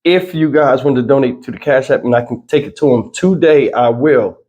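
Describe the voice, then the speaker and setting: Rambling man with a dark morning voice. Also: medium pitch, moderate pace, lo-fi sound. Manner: loose, rambling delivery with frequent fillers. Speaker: channel host. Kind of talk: casual news commentary vlog.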